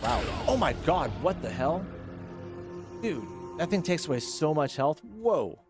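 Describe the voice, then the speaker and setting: A young man streaming a game live, chatting casually with viewers and reacting excitedly to the action. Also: a little high, measured pace. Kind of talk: live gameplay streaming chat. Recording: faint game music behind.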